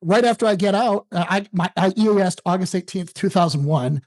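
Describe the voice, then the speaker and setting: A man in his forties from the Detroit area, a podcast guest telling stories in a casual, animated and self-mocking way. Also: sits high, a little fast. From Detroit area, USA. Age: 40s. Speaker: podcast guest, home-selling coach. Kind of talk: casual storytelling interview.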